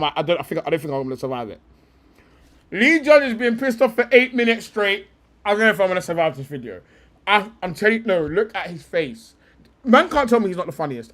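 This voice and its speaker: An excitable young male streamer talking casually in quick bursts, breaking into laughter often. His voice sits high and swings widely in pitch. He reacts loudly and swears without a second thought. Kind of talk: casual live-stream chat.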